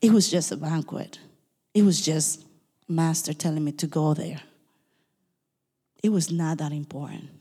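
A woman pastor with a non-native English accent, preaching a sermon fast and emphatically, with quick asides to her listeners. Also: deep voice, fairly even intonation, mellow, slightly rough, big-room sound.

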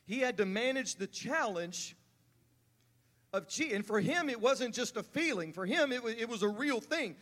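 High-voiced preacher in a reverberant hall. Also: male voice, moderate pace. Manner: builds from calm to fervent preaching, acting out pleading voices. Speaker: pastor. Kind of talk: sermon. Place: church sanctuary.

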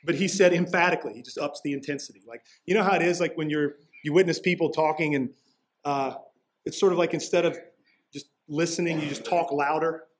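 A man's voice: fairly high pitch, fairly even intonation, a little fast. A man preaching a sermon as pastor, walking through a passage in a casual, conversational way with slangy asides.

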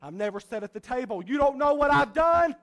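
A male pastor preaching a sermon, swinging between soft, low passages and loud, rising ones. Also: expressive, brisk.

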